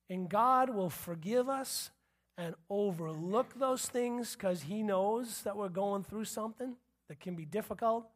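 A preacher giving a conversational sermon, often checking in with the listeners and acting out what people say. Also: medium pitch. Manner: conversational, checks in with the audience, acts out quotes.

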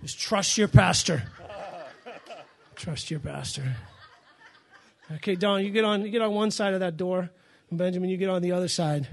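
A man preaching a sermon as pastor, fiery and emphatic, shouting and repeating his phrases in a church. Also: high voice, fairly even intonation, fast talker, hardly any pauses.

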